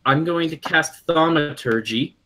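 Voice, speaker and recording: Bright-voiced man thinking aloud at a game. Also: fairly high pitch, a little slow. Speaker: player. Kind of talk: tabletop game play.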